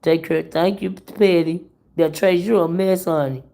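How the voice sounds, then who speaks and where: A woman hosts a chatty livestream, gossiping with her viewers and cracking up at the stories. Her voice sits a little low and runs gravelly with fry, and it sounds worn from recent illness. She stretches her exclamations out long. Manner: animated, laughing, drawn-out exclamations. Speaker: livestream host reading chat. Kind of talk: casual gossip chat.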